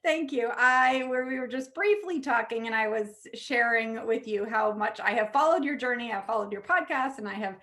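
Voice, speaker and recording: A woman's voice: on the high side, normal speed, few pauses, a bit bright. A woman hosting a podcast, introducing and questioning her guest with effusive enthusiasm. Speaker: podcast host. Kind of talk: interview hosting.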